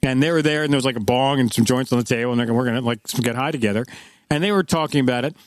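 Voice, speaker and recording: A man's voice: mid-range voice, rapid-fire, no echo. A man in his fifties, co-hosting a podcast, tells loose rambling stories in casual chat and acts out the quotes. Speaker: podcast co-host.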